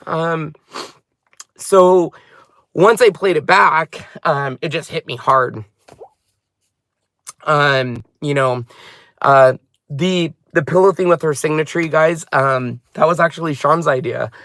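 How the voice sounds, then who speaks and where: A man hosting a crafting channel, telling a personal story in a halting, heartfelt way. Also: a little high, a bit bright, no room sound, studio quality.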